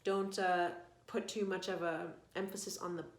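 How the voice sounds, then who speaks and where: A woman singing coach guiding an online vocal warm-up lesson, giving calm, coaxing instructions. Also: fairly low pitch, moderate pace, reverberant, background noise.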